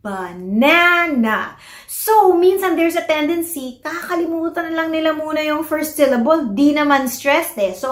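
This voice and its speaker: A Filipino woman who is a speech-language pathologist explains children's speech to parents, mixing English and Tagalog and slowly modeling words. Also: high voice, roomy sound. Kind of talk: educational talk to parents.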